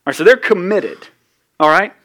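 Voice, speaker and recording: Male pastor, slightly high voice, chatty and animated sermon delivery with big swings in loudness. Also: normal speed. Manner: conversational, animated preaching with sudden loud peaks and drops.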